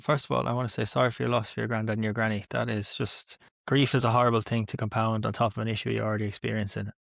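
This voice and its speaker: A male podcast host speaks quickly, his voice rough with gravelly fry. He replies to his guest earnestly and with sympathy. The sound is dry and close, with no echo. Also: on the low side, flat delivery, a bit bright. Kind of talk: interview questions and responses.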